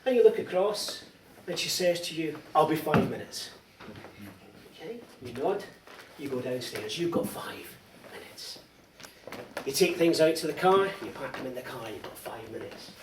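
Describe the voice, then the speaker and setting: A man's voice: fairly high pitch, moderate pace. A middle-aged man from Scotland giving a teasing, anecdotal after-dinner comic speech. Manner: anecdotal, teasing, lively storytelling. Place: large dining hall. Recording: echoey hall, distant mic, background noise.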